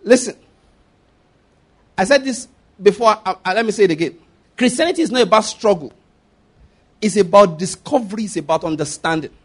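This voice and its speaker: A man's voice: sits high, expressive, brisk, long pauses, husky. A man preaching a sermon, emphatic, repeating his points and checking that listeners follow.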